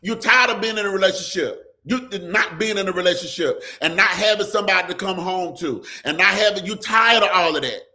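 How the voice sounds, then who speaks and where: Fairly quick and with hardly any pauses, a man preaches on a live stream he hosts as pastor, his high-pitched voice bright and forceful. He addresses viewers and comments head-on, call-and-response fashion, with constant "come on" and lines that move into singing.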